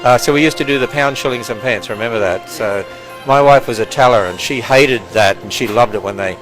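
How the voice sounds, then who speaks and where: A man's voice: mid-range voice, brisk, fairly bright tone, soft background music, rough recording. Chatty older Australian man giving a tour. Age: 60s. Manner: chatty, jokey, laughs often. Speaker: ministry president giving a tour. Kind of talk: casual chat with visitors. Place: walking through a building and outdoors.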